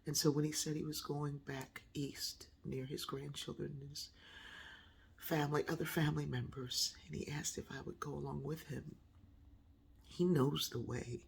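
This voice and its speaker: A woman with a gravelly, husky voice tells a personal story in an unhurried, reflective way. She brings quoted lines to life with animated voices. The tone is raspy and rough-edged throughout. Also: sits low. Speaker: speaker telling a personal story.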